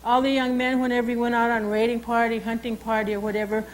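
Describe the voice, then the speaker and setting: A woman who is a tribal cultural educator, telling a traditional story and teaching words and signs in an unhurried, conversational way with frequent asides. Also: on the high side, little pitch movement, a little hiss or hum, poor audio. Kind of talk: oral storytelling and language lesson.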